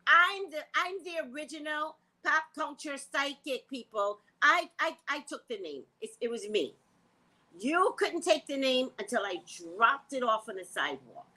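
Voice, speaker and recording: A woman's voice: sits high, moderate pace. A woman psychic hosting her own vlog, rambling bluntly and casually. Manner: animated, blunt, sings and repeats phrases.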